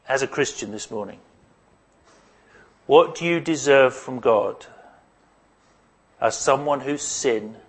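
A man preaching a sermon, putting emphatic rhetorical questions to his congregation. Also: medium pitch. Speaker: pastor.

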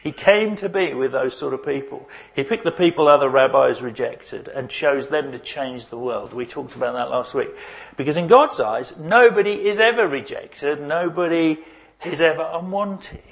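A man's voice: fairly high pitch, moderate pace, creaky. Man preaching a chatty sermon. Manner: conversational, asks the congregation questions. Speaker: pastor. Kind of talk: sermon with prayer.

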